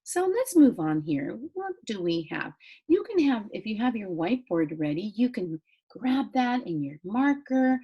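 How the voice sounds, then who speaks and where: A woman teaching an online phonics lesson to young children, sing-song and encouraging, spelling letters out slowly. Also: medium pitch, big pitch swings, husky, highs cut off. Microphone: computer mic, screen-share recording.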